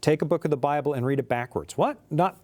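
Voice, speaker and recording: A man's voice: fairly high pitch, fast talker, darkish tone. Middle-aged male co-host, emphatic, conversational, repeats lines to drive points home. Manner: emphatic, repeats key phrases for effect. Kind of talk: casual religious discussion.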